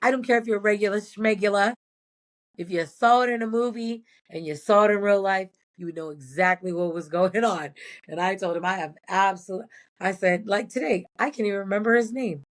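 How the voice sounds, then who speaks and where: A woman's voice: medium pitch, fairly quick. A former prison nurse, a woman, telling blunt and profane stories in a casual interview.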